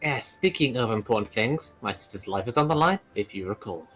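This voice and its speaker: A man's voice: medium pitch, expressive, brisk, fairly bright tone, faint music behind. A man playing at a tabletop game table, speaking bluntly and impatiently. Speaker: player.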